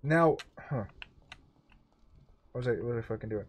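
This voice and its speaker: A man's voice: medium pitch, moderate pace, lo-fi sound, slight background noise. A young man co-hosting a casual gaming stream, rambling about game rules and swearing casually. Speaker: streamer and co-host.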